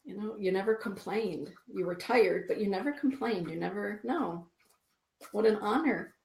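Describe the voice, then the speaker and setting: In an echoey room, a middle-aged woman runs a spiritual live stream, calmly repeating herself as she reads out oracle cards and comments from viewers. She speaks at a normal pace in a mid-range, somewhat dark voice with vocal fry.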